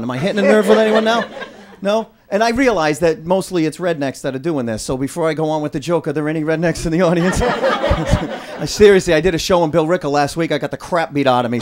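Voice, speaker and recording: A man's voice: on the high side, fast talker. A man from doing a brash, punchy stand-up routine and working the crowd. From Rhode Island, USA. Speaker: stand-up comedian. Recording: live club recording, audience laughter. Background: crowd laughter, noise.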